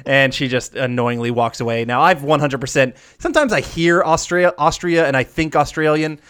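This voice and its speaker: A man's voice: fairly high pitch, moderate pace, a bit bright, smooth. A man in his thirties co-hosting a podcast, chatting casually through a movie breakdown and laughing often. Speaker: podcast co-host.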